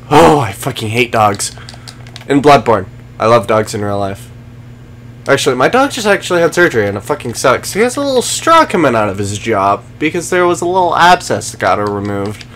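A man's voice: medium pitch, fairly bright tone, a little hiss or hum. A man streaming a video game, swearing and sarcastically taunting enemies while chatting with viewers. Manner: profane, sarcastic, talks to game enemies and chat. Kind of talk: live gameplay commentary.

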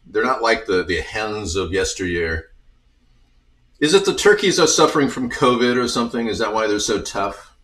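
A man's voice: on the low side, lively intonation, normal speed, a bit bright. A man in a home kitchen talking through a recipe in a casual, rambling way with joking asides. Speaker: home cook showing a recipe. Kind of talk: casual cooking demonstration. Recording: echoey kitchen, mic at a distance.

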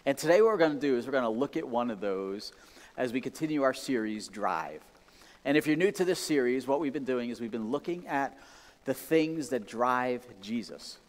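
A man preaching a sermon in a conversational, animated way, acting out excited exclamations. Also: mid-range voice, long reverb tail. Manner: animated, conversational, many restarts and acted-out exclamations. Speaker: pastor. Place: church sanctuary.

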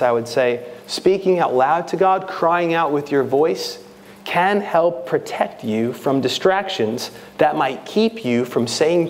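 A man's voice: medium pitch, darkish tone, a little hiss or hum. A man with a New York accent preaching a sermon as a pastor, earnest and rising to impassioned, prayerful pleading.

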